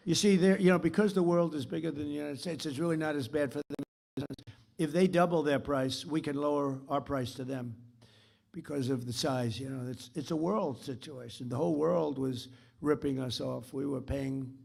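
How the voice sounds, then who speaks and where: Gravelly older man rambling a speech. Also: a little high, normal speed, a little mellow. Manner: rambling, repetitive, boastful. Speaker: keynote speaker. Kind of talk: off-the-cuff speech to an audience.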